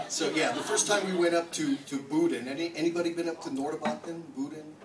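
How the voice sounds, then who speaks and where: Brash New Jersey comedian in echoey club. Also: male voice, a little high, a little fast, few pauses. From New Jersey, USA. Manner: brash, profane, swings into loud mock-angry bits. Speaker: stand-up comedian. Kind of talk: stand-up comedy set. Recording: echoey club from far off with noise.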